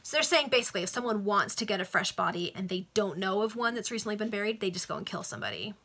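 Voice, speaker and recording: A woman's voice: mid-range voice, expressive, fast talker, bright, forceful tone. A woman casually reading a classic novel aloud over a video call, stopping to explain the text in chatty asides. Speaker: reader.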